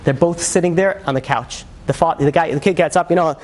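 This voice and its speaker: A man, a rabbi, telling a sermon story in a lively, conversational way, acting out the lines of the people in it. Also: fairly high pitch, a little fast, slight background noise. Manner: animated, conversational, frequent fillers and acted quotes.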